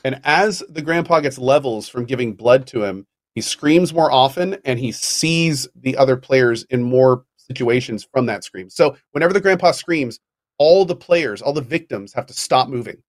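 A man's voice: medium pitch, lively intonation, normal speed, dry recording, studio quality. A man co-hosting a gaming podcast, explaining a game at length in casual chat, with fillers and restarts. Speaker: podcast co-host.

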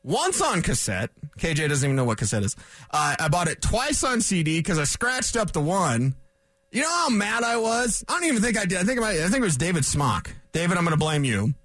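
Animated high-voiced radio host rambling. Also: male voice, brisk, no room sound. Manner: rambling, animated, self-correcting. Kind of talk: casual sports talk radio monologue. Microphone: studio microphone.

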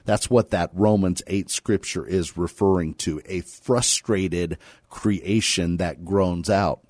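A man with a deep, mellow voice leads a Bible study, reading passages with emphatic weight before explaining them in plain words. The recording is dry and close, with no room sound around him. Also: takes it slowly, dry recording. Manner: reads scripture aloud with emphatic quotes, then talks plainly. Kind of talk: scripture reading and Bible teaching.

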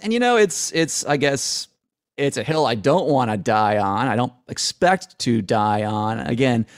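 A man's voice: mid-range voice, no room sound, studio quality. A man answering interview questions in a rambling, self-deprecating way, often restarting his sentences. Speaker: guest.

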